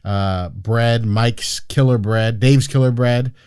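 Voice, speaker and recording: A man's voice: medium pitch, slow, a little mellow, clear, resonant tone, no room sound, clean studio sound. A man hosting a casual podcast, joking and cursing as he tells everyday stories. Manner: joking, profane, storytelling with laughs. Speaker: podcast host.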